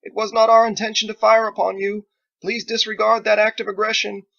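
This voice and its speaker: A man voicing a young woman sniper leader who speaks in a stiff, formal way and calls out loudly. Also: medium pitch, quick pace, vocal fry, slightly rough, muffled recording. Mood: urgent. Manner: stiff formal diction, loud commanding calls.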